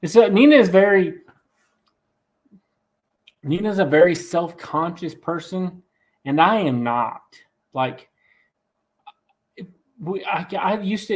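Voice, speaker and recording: A man with a raspy, slightly high voice chats loosely on a live stream. He jokes and teases, circling back with restarts as he goes. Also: expressive, takes it slowly, pauses often. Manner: joking, teasing, rambling with restarts. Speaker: host of a farm channel live stream. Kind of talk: casual live-stream chat.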